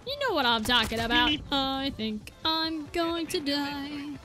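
A woman giving excitable live commentary while playing a shooter game, often apologizing and joking about herself, with game music and gunfire behind her. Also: sits high, a little slow, background noise. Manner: excitable, exclaiming and apologizing a lot; self-deprecating joking. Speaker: gaming video creator. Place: at home, seated at a gaming desk.

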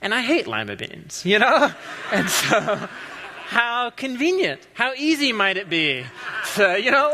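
Bright-voiced, animated preacher in a big hall. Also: male voice, sits high, moderate pace, slight background noise. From US Pacific Northwest. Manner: animated, joking storyteller. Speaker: pastor. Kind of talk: conversational sermon. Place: church sanctuary. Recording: long reverb of a large hall.

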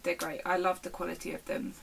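A woman's voice: fairly low pitch, flat delivery, fast, gravelly, a little hiss or hum, poor audio. A young woman, chatting casually to the camera at home in a rambling, self-interrupting way. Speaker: vlogger. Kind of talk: casual show-and-tell chat.

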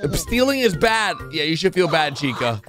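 A man hosting a reaction video, excitably narrating what he sees and laughing often. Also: high-pitched, moderate pace, music in the background. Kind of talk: casual reaction commentary.

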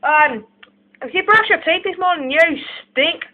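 Amateur bit: woman does a jokey Australian bloke; high voice, phone-like sound. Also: lively intonation, measured pace. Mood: brash. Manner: brash, jokey. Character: put-on Australian-accented blokey mate.

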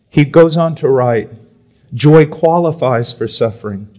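Male preacher with a slightly high voice; booming readings that drop into soft, intimate asides. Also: slow pace. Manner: swings from loud emphatic reading to quiet confiding tones; repeats words for emphasis. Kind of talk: sermon. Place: church or conference hall.

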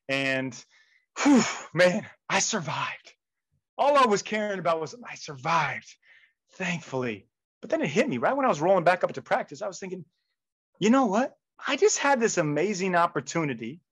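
A man telling stories in an animated way during a motivational talk over a video call. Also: on the high side, poor audio. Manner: animated storytelling with quoted voices. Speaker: motivational speaker.

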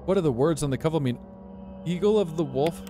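A man's voice: a little high, a little fast, mellow, slight background noise. Chatty American man streaming a game. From United States. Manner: chatty and reactive, talks to viewers, yelps when startled. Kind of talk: live gameplay commentary.

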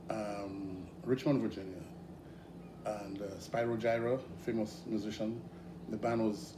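A middle-aged man from Grenada with a Grenadian accent, guesting in a casual interview, telling stories in an animated way with frequent laughs. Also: lowish voice. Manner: animated, hesitant with fillers, laughs often. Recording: echoey room with background noise.

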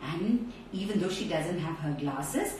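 Animated storyteller woman. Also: on the low side, unhurried. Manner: animated, talks straight to children. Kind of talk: storytelling for children. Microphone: phone on a live stream. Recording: echoey room, far from mic, faint noise.

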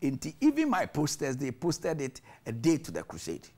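Animated Ghanaian preacher telling a story. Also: male voice, fairly high pitch, normal speed. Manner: animated storyteller, laughs often, repeats words. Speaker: archbishop, interview guest. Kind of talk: storytelling in a TV interview, mixing English and Twi.

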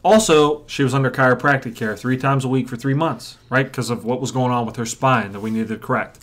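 A chiropractor teaching a workshop method, telling patient stories and acting out what patients and audience members say. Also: male voice, mid-range voice, steady tone, brisk, a bit bright. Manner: storytelling, acts out patients and audience. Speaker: chiropractor and coach. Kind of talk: teaching a seminar.

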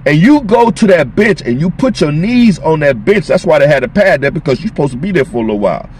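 A man's voice: fairly high pitch, big pitch swings, fast, a little mellow, slightly rough. A man preaching on scripture as a street preacher, emphatic and repetitive in informal phrasing.

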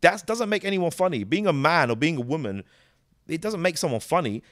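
A man, a comedian giving a casual interview, animated and jokey, swearing freely and slipping into quick character voices. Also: on the high side, no room sound, studio quality. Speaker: comedian and actor, guest.

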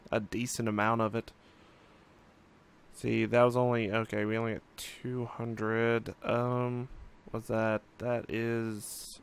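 A man's voice: mid-range voice, clean tone. A young man casually commenting on his own gameplay, musing and thinking aloud with frequent fillers. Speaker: let's play host.

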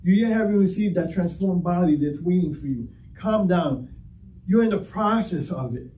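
A man's voice: sits high, lively intonation, moderate pace, mellow. A man preaching a sermon as pastor, talking conversationally and acting out little dialogues. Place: church sanctuary. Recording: echoey church hall, mic from a distance.

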